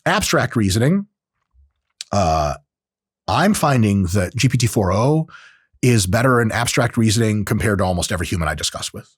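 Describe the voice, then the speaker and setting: Animated man riffing on tech, dry sound. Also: medium pitch, slightly rough, no room sound. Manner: animated, acts out quoted voices, profane asides. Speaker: podcast host. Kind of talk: casual monologue on technology.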